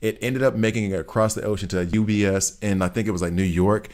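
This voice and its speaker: A man's voice: on the low side, steady tone, quick pace, a little mellow. A man streaming a video game, chatting casually and joking as he plays, rambling and often laughing. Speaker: gaming streamer. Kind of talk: casual gameplay commentary.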